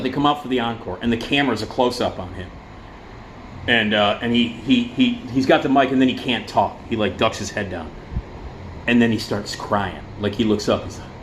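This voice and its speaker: A man giving a casual vlog rant, profane and sarcastic, in an animated ranting manner. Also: medium pitch, slight background noise. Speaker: vlogger.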